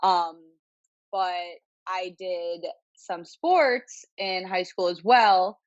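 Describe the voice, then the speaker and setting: A woman's voice: lowish voice, extremely slow, no room sound, highs cut off. A woman in her twenties with a Chicago-area accent, a guest on a podcast, telling her story in a chatty way with lots of fillers. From Illinois, near Chicago. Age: 20s. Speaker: interview guest, bodybuilder. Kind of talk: casual interview chat.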